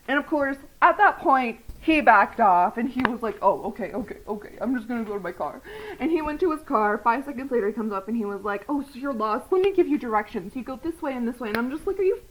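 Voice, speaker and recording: A young woman speaking casually to her camera at home, her voice rising and falling as she tells a heated story. She talks fast and loose, full of fillers, and swears freely when she gets worked up. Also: on the high side, rough recording. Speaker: vlogger. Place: home, dog barking nearby.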